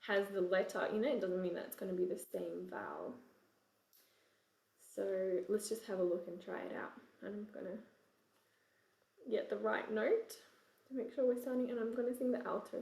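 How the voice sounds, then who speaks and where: A woman with an English accent teaching choir vowel sounds in a relaxed, chatty way, breaking into sung examples. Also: medium pitch, recorded from a distance. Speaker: choir vocal coach. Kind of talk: casual singing lesson with sung examples. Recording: roomy echo, voice away from the mic.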